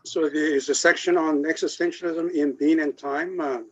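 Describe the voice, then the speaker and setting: A man taking part in a casual discussion group, asking quick, eager questions. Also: on the high side, steady tone. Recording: dull, lo-fi audio from far off.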